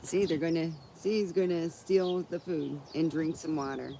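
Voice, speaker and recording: Her voice is deep and creaky, her pace moderate, as this middle-aged woman chats cheerfully on a phone live stream. Rambling, restarting, and laughing often, she's in a backyard under a tree, where birds and chickens add to the noisy outdoor sound.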